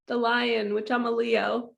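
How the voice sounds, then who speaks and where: A woman's voice: a little high, creaky. A woman hosting a casual spiritual card-reading vlog, emotional and tearful, talking straight to her viewers in a chatty, heartfelt way. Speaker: spiritual coach and host.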